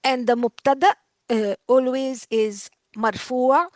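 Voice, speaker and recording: A woman's voice: sits high, fairly even intonation, brisk, dry recording. Woman lecturing, drilling each word aloud. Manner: explains patiently, repeats words for drill. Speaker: Arabic language professor. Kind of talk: recorded lecture.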